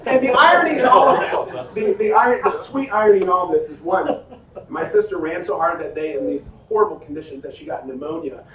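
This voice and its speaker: A pastor telling a lively personal story in a sermon, acting out his own quotes. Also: high voice, a little fast, recorded from a distance. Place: church hall. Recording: echoey hall, faint noise.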